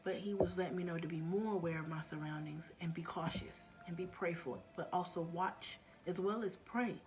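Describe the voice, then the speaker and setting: Earnest low-voiced woman telling a story. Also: normal speed, music in the background. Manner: earnest, often drops to a near-whisper. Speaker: vlogger. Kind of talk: casual storytelling.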